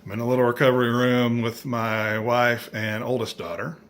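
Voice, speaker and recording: A middle-aged man vlogging, telling a story in a casual, animated way with dry, self-mocking humor and acting out other people's lines. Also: mid-range voice, moderate pace.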